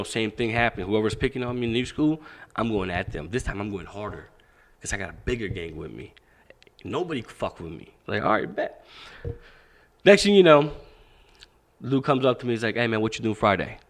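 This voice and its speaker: A man in his thirties, originally from Pakistan, tells a story from his past as a podcast guest. He talks casually, swears freely and acts out what people said, his voice swinging up and down as he goes. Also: fairly low pitch. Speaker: podcast guest, boxing coach.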